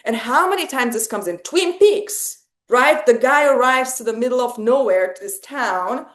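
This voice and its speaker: A woman leading a casual literary discussion, animated and digressive, often laughing and restarting her sentences. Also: on the high side, moderate pace, echoey room. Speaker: salon host. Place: online video salon.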